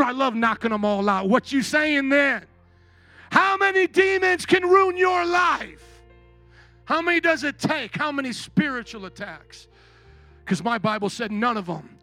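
A man preaching a sermon as pastor, animated, acting out whining complainers and shouting for emphasis. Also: sits high.

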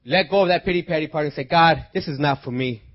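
A man preaching a sermon, moving from quiet teaching into loud, impassioned prayer and exhortation. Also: on the high side, fast, muffled recording. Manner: breaks into spoken prayer.

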